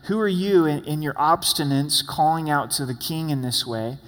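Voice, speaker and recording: A preacher doing an indignant angry general. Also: male voice, fairly high pitch, animated, normal speed, a bit bright. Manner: indignant, scolding. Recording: long hall reverb.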